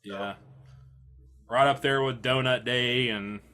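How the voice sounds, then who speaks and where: A man's voice: mid-range voice, steady tone, slow, sharp tone. A man hosting a casual podcast, joking and bantering with his co-hosts. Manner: upbeat, jokey banter with laughs. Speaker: podcast host.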